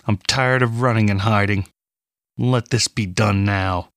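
A man voicing a grim, weary male fighter, speaking in a gritted, slow manner. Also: lowish voice, fairly even intonation, fairly bright tone, no room sound, studio quality.

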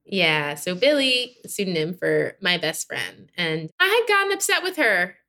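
Woman guest, bright and forceful tone, lively storytelling, acts out quotes. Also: on the low side, a little slow. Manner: animated storytelling, acts out dialogue. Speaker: podcast guest, friendship expert. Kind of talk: casual conversational interview.

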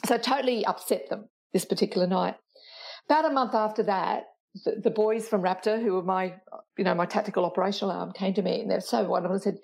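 A woman's voice: medium pitch, fast talker, creaky, a little mellow, husky. A woman, a retired police officer, telling anecdotes in a chatty interview, laughing often and restarting sentences. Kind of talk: storytelling interview chat.

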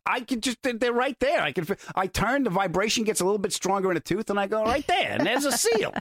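A man hosting a podcast, telling a story in a deadpan way that builds to a punchline. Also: high voice, fast talker, dry recording, clean studio sound. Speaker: podcast host. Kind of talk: casual chat, storytelling.

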